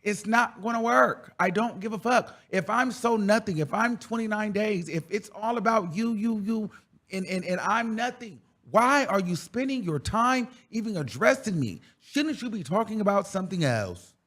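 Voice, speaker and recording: A man's voice: high-pitched, expressive, moderate pace, a bit bright. A man hosting a reaction show, ranting in a profane, confrontational and emphatic way. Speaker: commentary host. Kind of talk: heated reaction commentary.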